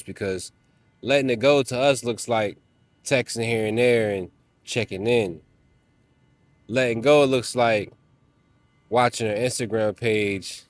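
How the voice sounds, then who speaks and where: Guy preaching to other men in a vlog, low voice, slangy and emphatic, super dry sound. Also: no room sound. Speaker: self-help vlogger. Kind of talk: motivational monologue to men.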